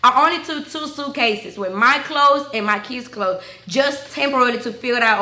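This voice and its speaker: Young woman vlogging, high bright voice, emphatic, swears a lot, echoey room. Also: fairly quick, few pauses. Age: 20s. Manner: emphatic, addresses viewers as y'all, swears freely. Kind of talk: candid storytelling to camera.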